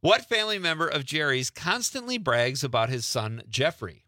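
A man's voice: on the high side, big pitch swings, moderate pace, bright, forceful tone, no room sound, clean studio sound. A man hosting a radio quiz segment, upbeat and teasing, laughing often. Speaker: radio show host.

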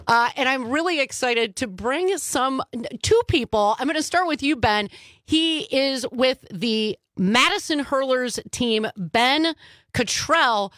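A woman's voice: sits high, expressive, slow pace, a bit bright, dry recording. Bubbly woman radio host, dry studio. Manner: bubbly, enthusiastic. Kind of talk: casual radio interview.

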